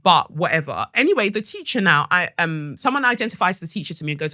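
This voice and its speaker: A woman hosting a podcast and telling a story in a casual, animated, sarcastic way. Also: on the low side, quick pace, no echo, clean studio sound. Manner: animated and sarcastic, with acted-out quotes. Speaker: podcast host.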